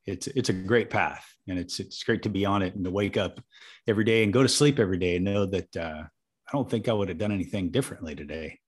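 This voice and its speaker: A man hosting a casual heartfelt conversation, affectionate and soft-spoken, pausing often with fillers. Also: sits low, husky. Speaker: host.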